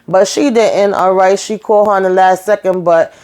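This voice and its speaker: A YouTube reviewer with a clean, mid-range female voice recaps a TV episode at normal speed. Her retelling is chatty and animated, with acted-out quotes and asides.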